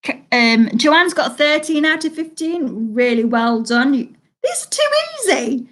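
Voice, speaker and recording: A chatty woman hosts a live online pub quiz from home, reading each question and answer twice. Her voice sits a little high, and she stops often to comment on players' scores. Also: very animated, measured pace. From United Kingdom. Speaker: quiz host. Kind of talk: casual live quiz hosting.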